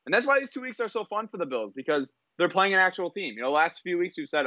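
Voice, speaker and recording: A man co-hosting a sports talk show, breaking down games in quick, energetic analysis with jokey asides. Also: high voice, no room sound, highs cut off. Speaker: co-host.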